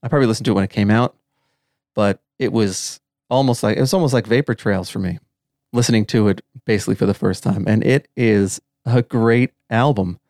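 A man's voice: lowish voice, fairly quick, a little mellow, dry recording, clean studio sound. A man co-hosting a podcast, chatting in an easygoing, rambling way over a video call. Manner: easygoing, rambling, many fillers. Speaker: podcast co-host. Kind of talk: casual podcast chat.

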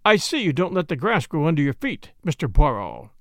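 A man voicing a gruff, self-assured police inspector who talks bluntly and dismissively in an audiobook. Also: a little high, big pitch swings, a little fast, a bit bright, no room sound, clean studio sound.

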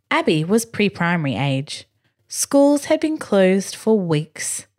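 A woman reading a bedtime story slowly and expressively. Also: medium pitch. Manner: slow, expressive, gently animated. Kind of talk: scripted bedtime story narration.

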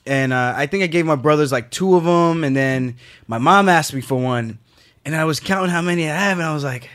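A man's voice: on the high side, normal speed, a bit bright. A young man, a professional fighter on as a podcast guest, chatting casually and telling easygoing stories. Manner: easygoing storyteller, some fillers. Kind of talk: casual chat.

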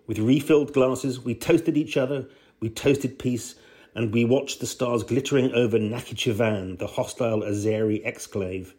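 A man's voice: mid-range voice, fairly even intonation, moderate pace, a little mellow. A man reading his own first-person travel essay aloud in a dry, understated way. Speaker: essay reader.

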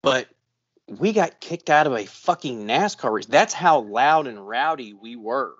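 A podcast co-host with a medium-pitched, fairly bright, slightly rough voice speaks animatedly and unhurriedly in dry, slightly dull audio. He tells a long story full of swearing and rambling restarts, acting out the voices of the people in it.

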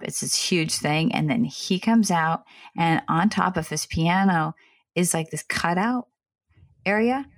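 A woman co-hosting a casual chat, opinionated and apologetic, rambling with restarts and asides. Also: fairly low pitch. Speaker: podcast co-host.

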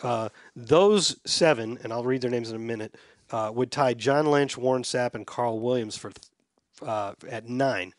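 A man's voice: medium pitch, moderate pace, dry recording, studio quality. A man hosting a casual sports podcast, chatting and reading listener emails aloud in a self-deprecating way.

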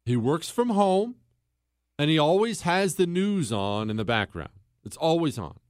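A man's voice: on the high side, big pitch swings, measured pace, a little mellow, no echo, clean studio sound. A man hosting a talk show, telling a story and arguing his point in an emphatic monologue, repeating words for stress. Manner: storytelling, mimics others in quotes, emphatic repetition. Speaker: podcast host. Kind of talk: opinionated monologue.

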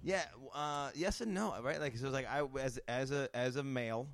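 A man's voice: medium pitch, normal speed. A young American man from upstate New York in casual chat, rambling with many restarts and laughing easily.

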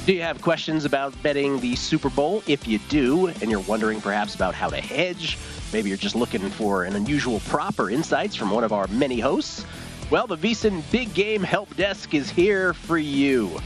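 A man's voice: mid-range voice, expressive, moderate pace, over music. A man hosting a sports betting show in an easygoing, chatty manner.

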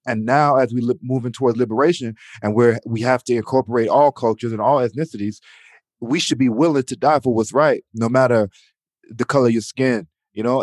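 A man's voice: lowish voice, darkish tone, no echo, studio quality. A man in his thirties from Atlanta, talking reflectively as a guest and often adding "you know". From Atlanta, USA. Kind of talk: casual conversation.

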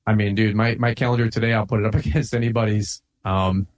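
A man's voice: on the low side, fairly even intonation, quick pace. A middle-aged man, a guest on a podcast, talking in an intense, fired-up way, with lots of "like" and "man". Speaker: podcast guest, lawn care business owner. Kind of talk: casual podcast conversation.

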